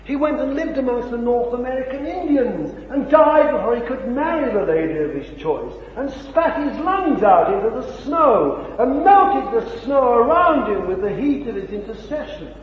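A man preaching a sermon, impassioned, with rhetorical questions, swinging between loud and hushed. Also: very high-pitched, big pitch swings, normal speed, few pauses, a little hiss or hum. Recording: dull old recording in an echoey hall.

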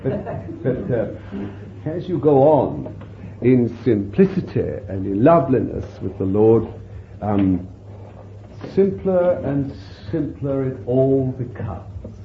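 A man preaches slowly, his pitch rising and falling freely as he muses over his text. The recording is thin and phone-like, with a roomy echo around his voice. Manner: slow, unhurried preaching with lively pitch and warm chuckles. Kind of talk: sermon. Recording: roomy, tinny phone-like sound with faint hiss.

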